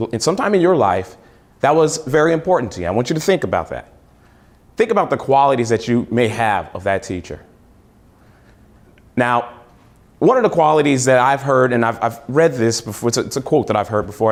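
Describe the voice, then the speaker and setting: Animated storytelling male teacher. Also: medium pitch, a little fast. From New Mexico, USA. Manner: storytelling, repeats phrases for emphasis. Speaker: teacher giving a keynote. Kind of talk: keynote speech. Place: event hall with an audience.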